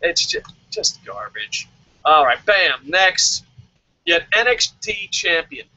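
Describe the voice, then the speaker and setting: A man's voice: fairly high pitch, sing-song, takes it slowly, sharp tone, dry recording, poor audio. A man giving a profane, sarcastic rant while reviewing wrestling shows as a vlogger. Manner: swears constantly, sarcastic.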